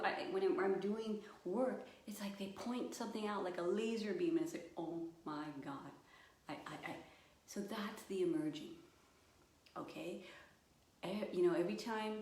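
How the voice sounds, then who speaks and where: A woman yoga and meditation coach guiding a live session, slow and soothing, with playful acted-out voices. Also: on the low side, a little mellow. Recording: echoey room, distant mic, faint noise.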